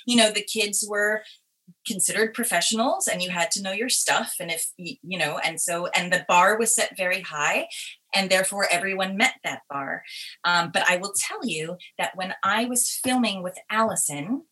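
A woman's voice: medium pitch, moderate pace. A woman guest, an actress, telling stories animatedly with frequent restarts and ready laughter. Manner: expressive, restarts often, laughs readily. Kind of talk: animated conversational storytelling.

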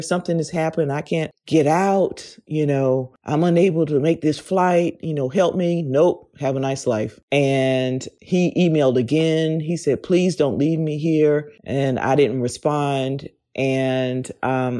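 A man's voice: mid-range voice, warm tone. A man in his forties candidly telling a personal story in conversation, with lots of "you know" fillers. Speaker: interviewee.

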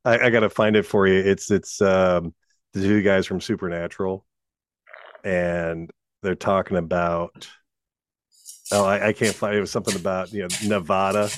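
A man's voice: low voice, little pitch movement, normal speed, no room sound, studio quality. A man co-hosting a podcast, telling a rambling anecdote in casual chat and laughing at his own story. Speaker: podcast co-host.

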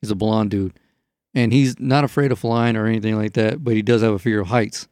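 Speaking briskly in a lowish voice, a man tells a story during casual conversation, wandering off track, swearing, and using plenty of fillers as he animates the retelling. It's a clean studio recording with no echo.

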